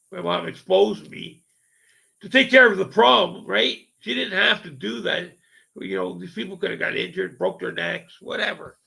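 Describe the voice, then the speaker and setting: A man's voice: fairly high pitch, gravelly, bright, forceful tone, breathy edge. A man rambling through a personal ghost story in casual talk, profane and full of fillers like "right?" and "okay?". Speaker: paranormal storyteller.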